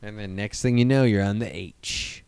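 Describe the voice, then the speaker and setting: A man's voice: fairly low pitch, moderate pace, creaky, clean tone, no room sound. A man chatting casually on a podcast, rambling and swearing freely, often slipping into mocking impressions. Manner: rambling, profane, animated, jumps into mock voices. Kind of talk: casual chat.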